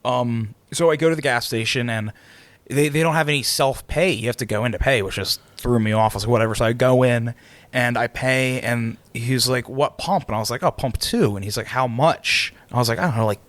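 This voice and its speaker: A man co-hosting a podcast, swapping travel stories in easy, casual talk. He gets lively and laughs as he acts out what people said. His voice sits at a middle pitch, and the sound is close and dry. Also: fairly quick, no room sound. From Pennsylvania, United States. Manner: animated, laughs while telling stories, acts out quotes. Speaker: podcast co-host. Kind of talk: casual storytelling chat.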